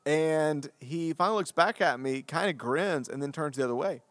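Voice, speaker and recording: Animated storytelling pastor, dry close mic. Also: male voice, on the high side, moderate pace, no room sound. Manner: animated and self-deprecating, acting out the dialogue. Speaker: pastor and podcast co-host. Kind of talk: casual conversational storytelling.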